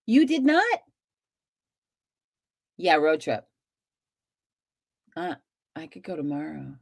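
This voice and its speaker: A woman's voice: low voice, very animated, slow pace, vocal fry, no room sound, studio quality. A woman hosting a live stream, chatting casually with viewers, talkative and swearing freely as she rambles.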